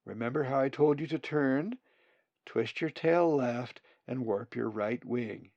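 A man's voice: medium pitch, a little slow, no room sound, dull audio. Man as patient raven uncle teaching flight. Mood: encouraging. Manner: calm, encouraging, instructive. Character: patient adult male raven flying teacher.

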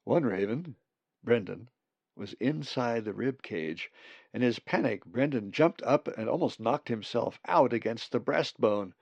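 A man reading a storybook aloud, slow and expressive, his low voice gravelly and a little husky. It is a dry, dull lo-fi recording. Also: no echo. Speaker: audiobook narrator. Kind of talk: scripted narration.

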